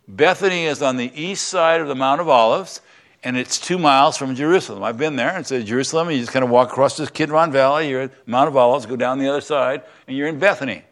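A man's voice: mid-range voice, fast, a bit bright. An older man from the United States, a semi-retired pastor, giving a conversational Bible lesson and asking the congregation questions. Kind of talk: sermon.

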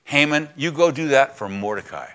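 A man's voice: mid-range voice, expressive, normal speed, fairly bright tone. A man voicing a bossy, puzzled ancient king in a casual retelling during a sermon. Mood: offhand. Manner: offhand, conversational retelling.

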